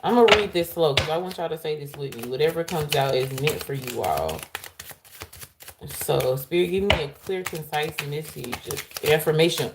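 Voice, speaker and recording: A woman giving a live tarot reading to her viewers, excitable and laughing loudly as she calls out to them. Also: low voice, moderate pace, very noisy. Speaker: tarot reader.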